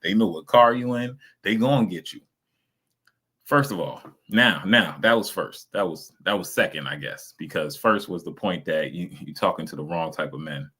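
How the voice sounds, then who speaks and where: Reacting to videos on a stream, a man speaks at normal speed in a low-pitched voice that is bright and forceful with a breathy edge. He's blunt, casual, profane and mocking, and he acts out the voices he quotes.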